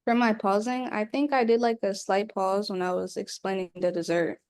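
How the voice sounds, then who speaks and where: Female student, mid-pitched, brief and hesitant replies on a class video call. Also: fairly even intonation, moderate pace, darkish tone, smooth. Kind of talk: answering teacher in class.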